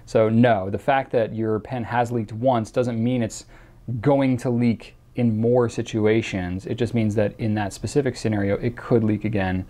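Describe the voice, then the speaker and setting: A man's voice: on the low side, steady tone, unhurried, dark tone. A man hosting a casual question-and-answer show, talking chattily with many fillers and restarts. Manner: reads out a viewer's question in a mock accent. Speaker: host answering viewer questions. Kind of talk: casual chat.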